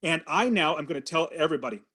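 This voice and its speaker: A man in his forties, a real estate investor, telling a personal story in an earnest, animated way as a podcast guest. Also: a little high, fast talker, breathy edge. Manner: earnest, animated storytelling with quoted inner thoughts. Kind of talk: storytelling in an interview.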